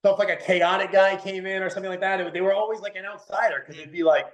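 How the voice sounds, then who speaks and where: A man's voice: high-pitched, fairly even intonation, quick pace, muffled recording. A man, talking casually as a podcast guest, rambling with lots of "like" and "dude". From New England. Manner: rambling, heavy use of "like" and "dude". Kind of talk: casual interview chat. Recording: echoey room.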